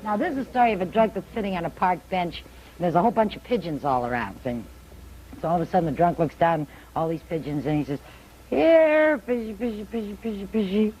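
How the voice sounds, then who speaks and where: High, fast-talking male comic. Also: muffled recording, a little hiss or hum. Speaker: comedian guest. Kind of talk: joke telling on a TV talk show.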